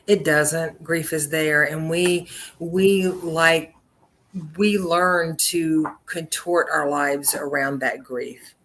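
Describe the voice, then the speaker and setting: A woman co-hosting a talk show, speaking earnestly and thoughtfully with many pauses and fillers. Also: low voice, fairly even intonation, fairly bright tone, slight background noise. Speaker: co-host. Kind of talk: casual talk show chat.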